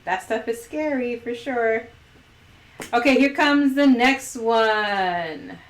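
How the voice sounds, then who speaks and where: A woman's voice: fairly high pitch, slow pace, reverberant. A woman hosting a casual livestream chat, playful and giggly as she reads out poll questions. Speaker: host.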